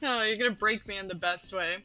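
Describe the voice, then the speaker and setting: An excitable, bubbly woman, a guest player, chatting and laughing over voice chat. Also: medium pitch, brisk, soft background music, poor audio. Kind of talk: casual chat while gaming.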